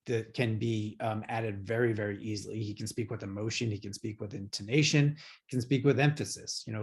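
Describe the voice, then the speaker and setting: Male presenter on a video call, somewhat low voice, halting and filler-heavy. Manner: hesitant, many fillers and restarts. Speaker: guest presenter. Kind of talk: conference talk.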